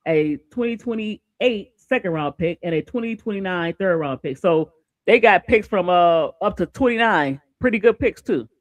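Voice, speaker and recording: A man hosting a casual sports talk stream, animated and repeating words as he gets going. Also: high voice, no echo, muffled recording. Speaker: show host.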